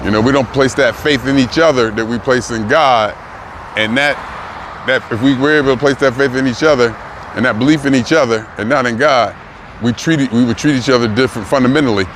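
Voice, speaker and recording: Near a car rental lot, with traffic and city din around him, a man in his sixties briskly thinks out loud for his casual vlog. His medium-pitched delivery is emphatic and rambling, and he repeats himself while working through his ideas.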